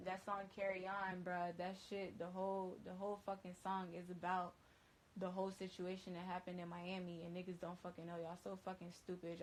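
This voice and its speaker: A woman's voice: fairly low pitch, slight background noise, poor audio. A woman DJ telling a story casually on a phone livestream, talking emphatically and profanely, with constant "like" and "bruh.".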